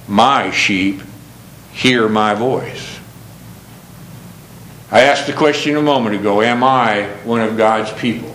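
A man preaching a sermon, earnest, swinging from emphatic questions down to low, slow passages. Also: a bit bright, roomy sound, a little hiss or hum, rough recording.

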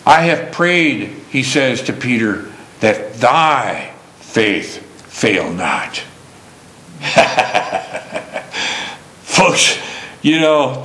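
A man preaching a sermon slowly and emphatically, stressing key words. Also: mid-range voice, fairly bright tone, reverberant, low-quality recording.

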